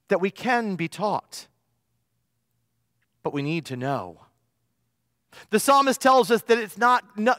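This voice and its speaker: A man's voice: high voice, fairly bright tone, dry recording, studio quality, big-room sound. A male pastor preaching a sermon, telling stories with emphasis and stretching out the key phrases.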